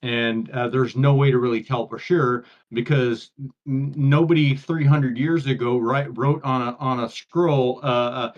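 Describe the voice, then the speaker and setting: A man's voice: mid-range voice, steady tone, a little slow. A man, co-hosting a casual chat and rambling through restarts and fillers. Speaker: podcast co-host. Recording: dull lo-fi audio.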